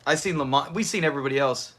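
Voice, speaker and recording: A man's voice: medium pitch, rapid-fire, a bit bright. A man hosting a livestream watch party, chatting casually, answering viewers and laughing often. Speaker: livestream host.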